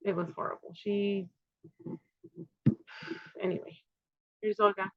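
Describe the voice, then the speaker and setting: A woman's voice: medium pitch, level tone, slow, no room sound. Rambling woman in her fifties, dull dry mic. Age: 50s. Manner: rambling, conspiratorial, with filler words. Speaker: channel host. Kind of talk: casual monologue. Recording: slightly dull, dry home recording.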